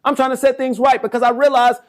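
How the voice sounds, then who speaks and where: A man in his forties with a strikingly high voice preaches at the camera in a fervent, rambling monologue. His speech is slangy and casual, doubling back on itself with frequent restarts. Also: flat delivery, fast talker. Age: 40s. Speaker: self-styled political campaigner. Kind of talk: impassioned direct-to-camera monologue.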